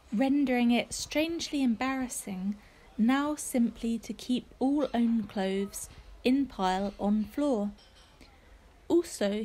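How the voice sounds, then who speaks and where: A woman narrating a first-person diary audiobook in a clipped, wry, deadpan way. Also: a little high.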